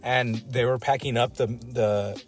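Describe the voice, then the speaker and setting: A man's voice: mid-range voice, steady tone, measured pace, faint music behind. Young man hosting a casual podcast. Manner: eager, steering the talk, laughs often. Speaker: podcast host. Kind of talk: casual chat.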